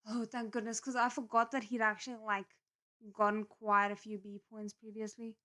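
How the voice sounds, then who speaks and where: A woman reading a novel aloud live, breaking off for chatty, expressive asides. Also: fairly high pitch, normal speed. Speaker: novel reader.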